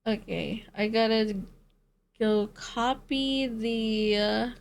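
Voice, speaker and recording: A woman's voice: fairly high pitch, steady tone, very slow, creaky. A woman streamer chatting casually with her viewers, swearing and laughing often as she answers chat.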